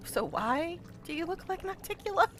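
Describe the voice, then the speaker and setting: A woman's voice: extremely high pitch, big pitch swings, moderate pace, a bit bright, faint music behind. A woman streaming a game live, reading it aloud with chatty, laughing asides.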